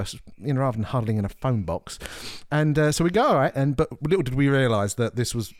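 A man co-hosting a podcast, telling a long story in loose casual chat with plenty of false starts. His voice sits at an ordinary middle pitch. The sound is dry and close, with no room around it. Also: big pitch swings, fast, hardly any pauses, dry recording. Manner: rambling storyteller with many restarts and laughs. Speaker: podcast co-host.

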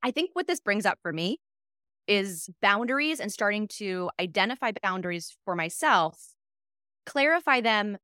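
A woman's voice: medium pitch, normal speed, clear, resonant tone, no echo, studio quality. A woman in her thirties, a podcast co-host, telling stories in casual chat, candid and reflective. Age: 30s. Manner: animated storytelling, acting out both sides of a conversation.

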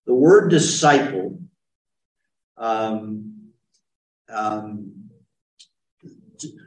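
Pastor guy teaching bible study, unhurried, mic kinda far off in a roomy space. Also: fairly low pitch, animated. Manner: unhurried, explanatory, takes questions from a group.

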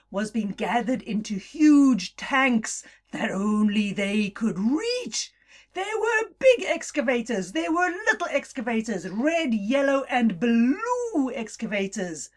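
A woman narrates a children's adventure story she is making up as she goes. Her voice sits a little high and leaps about expressively. She takes her time, drawing the words out slowly and playfully. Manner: playful, laughing, very slow and expressive.

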